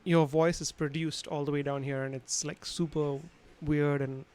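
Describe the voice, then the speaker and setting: An instructor teaches a livestream lesson on sound from a room in his home, using a studio microphone, though the audio is poor. His voice is a little high and slightly mellow, with little pitch movement at normal speed, and he explains casually with many fillers and restarts.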